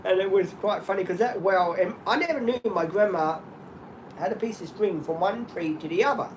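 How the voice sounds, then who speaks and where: A man's voice: sits high, moderate pace, noisy background. Rambling Australian man telling stories. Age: middle-aged. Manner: rambling, animated storyteller, laughs a lot. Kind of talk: casual chat on a livestream.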